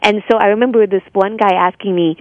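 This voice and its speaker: A woman's voice: medium pitch, fairly even intonation, fast talker, dry recording. Chatty American woman, dull dry sound. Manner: chatty, laughs often, many fillers. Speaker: guest, singer and voice-over artist. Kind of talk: casual interview chat.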